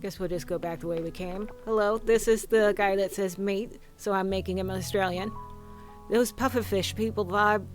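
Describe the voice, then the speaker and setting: Woman, streamer, casual gameplay chat, mid pitch, faint background music. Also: steady tone, normal speed, few pauses, darkish tone. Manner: chatty, reads game dialogue aloud and riffs on it.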